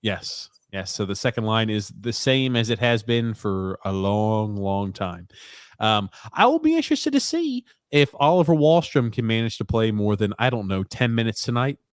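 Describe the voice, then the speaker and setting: A man hosting a sports podcast and reacting to a live game in casual chat, animated and teasing his co-host. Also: fairly low pitch, clear, resonant tone, dry recording, clean studio sound. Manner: animated, teasing, quick to laugh. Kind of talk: casual sports commentary while watching a game.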